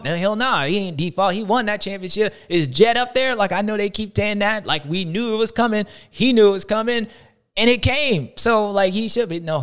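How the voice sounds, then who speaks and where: A man in his thirties with a drawl hosts a racing talk show in a playful, slangy way. His voice is smooth and clear and sits a little high. He keeps leaping up in pitch to act out other people's reactions. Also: fairly bright tone. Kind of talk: animated casual commentary.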